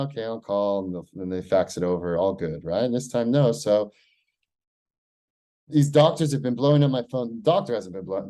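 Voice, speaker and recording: Lowish and dark in tone, this American man rambles through a vlog-style personal log. He swears a lot and keeps reaching for "like" and "right?".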